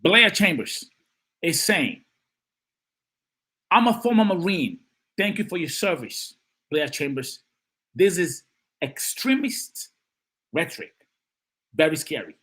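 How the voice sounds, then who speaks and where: A man hosting a live-stream of political commentary, animated and emphatic, who repeats phrases and greets and reads out chat comments. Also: a little high, slow pace, pauses often, slightly rough.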